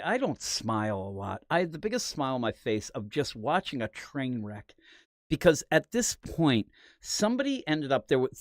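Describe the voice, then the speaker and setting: Brief: podcast host, casual chat, animated and profane, very lively pitch, dry sound. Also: dry recording. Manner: rambling, animated, profane storytelling.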